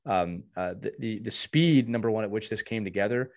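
A man hosting a hockey podcast, chatting casually and warmly, with frequent restarts and repeated words. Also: lowish voice, a little fast. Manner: warm, rambling, many restarts. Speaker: podcast host.

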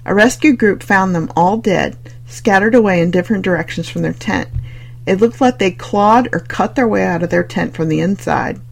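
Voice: medium pitch, gravelly, slight background noise, natural voice. The audiobook reader voicing a bossy young woman who lectures her friends with a dry, commanding manner. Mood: lecturing. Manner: lecturing, brisk storytelling.

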